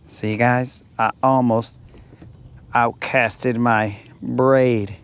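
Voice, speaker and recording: A man's voice: medium pitch, flat delivery, drawn-out words, clear, resonant tone. A man chatting casually and teasing his brother while fishing from a boat on a lake. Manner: teasing, joking banter. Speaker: fishing vlogger. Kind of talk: casual live-stream chat.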